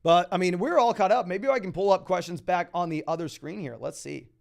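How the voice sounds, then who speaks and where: High-voiced and with some vocal fry, a young man leads a fantasy football live stream, reading the audience's questions aloud and answering them in fast, high-energy sports talk.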